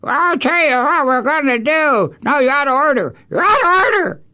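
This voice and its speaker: This is a blustering elderly chairman, put on by a man in a shrill, raised voice that swings wide from word to word. He barks his rulings with indignant force. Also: animated, moderate pace, heavily acted. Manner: shouting, indignant.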